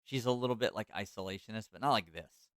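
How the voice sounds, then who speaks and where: A man hosts a podcast, casually telling a history story in a fast, lowish voice with a clean tone and no room sound. His delivery is loose and self-correcting, full of fillers and restarts.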